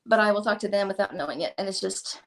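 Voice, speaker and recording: A woman's voice: mid-range voice, fast talker, creaky. A woman chatting casually as a guest, rambling and self-deprecating, acting out little asides as she talks. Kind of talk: casual chat.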